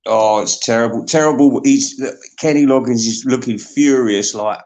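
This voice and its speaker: A man's voice: mid-range voice, moderate pace, hardly any pauses, darkish tone. A man hosting a comedy podcast, rambling through a theatrical, mock-emotional monologue.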